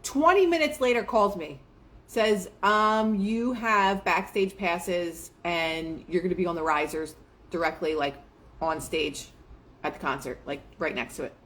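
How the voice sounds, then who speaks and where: A woman's voice: fairly low pitch, unhurried. Chatty woman hosting motivational talk. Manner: chatty, filler-heavy, quotes herself and others in lively asides. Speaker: manifestation show host.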